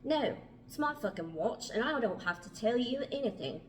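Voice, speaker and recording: A woman's voice: a little high, animated, moderate pace, a little hiss or hum, voice pushed up, natural voice. A woman voicing a surly, foul-mouthed young man in a put-on, rather poor English accent, spitting out curses. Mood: hostile. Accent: put-on English accent, attempted badly. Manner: spits out curses, rising to shouts.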